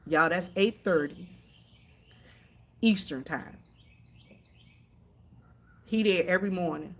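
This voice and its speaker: A woman chatting casually to her viewers on a phone stream from the countryside, repeating herself and calling out "y'all" again and again. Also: medium pitch. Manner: chatty, repetitive, keeps addressing viewers as y'all. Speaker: vlogger. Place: outdoors in the countryside near horses.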